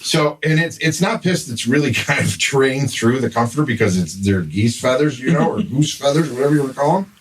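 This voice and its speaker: Speaking a little fast at medium pitch, an animated grandfather guesting on a podcast works through a long, exasperated story in relaxed conversation. The mic sits somewhat distant, with faint noise.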